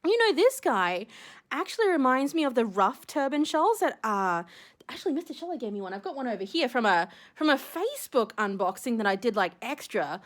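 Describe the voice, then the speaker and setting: Giddy, high-voiced young woman gushing. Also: sing-song, brisk. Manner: gushing, giddy, gasping with delight. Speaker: shell collector unboxing a gift. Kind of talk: excited unboxing vlog.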